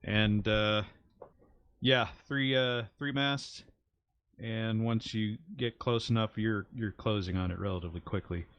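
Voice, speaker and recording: A man narrating a tabletop game as game master, his lowish voice gravelly with fry. He explains rules in a halting way with plenty of fillers. The mic sounds dull and lo-fi, dry with no room sound. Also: steady tone, dry recording.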